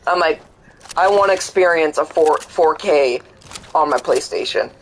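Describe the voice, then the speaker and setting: This young man's fairly high, unhurried voice comes through a low-quality recording with a little hiss or hum. He chats casually while gaming, rambling, cursing often, and voicing both sides of the conversations he recounts.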